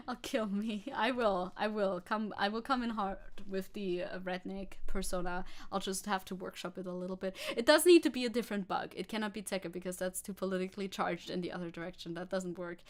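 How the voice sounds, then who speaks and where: A woman's voice: medium pitch, brisk. A woman with a German accent giving sarcastic, casual commentary on a live stream, swearing freely. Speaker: VTuber streamer.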